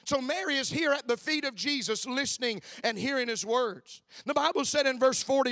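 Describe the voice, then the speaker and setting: High-voiced preacher, folksy and emphatic. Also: male voice, a little fast, hardly any pauses, sharp tone, no echo, studio quality. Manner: folksy, emphatic, builds with repeated phrases and "uh" fillers. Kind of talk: church sermon. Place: church.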